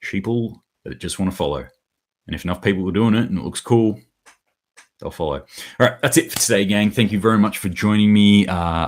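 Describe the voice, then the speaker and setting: A man hosting his own daily preparedness commentary, talking casually and bluntly, rambling a little and swearing now and then. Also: low-pitched. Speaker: host of a daily preparedness news show.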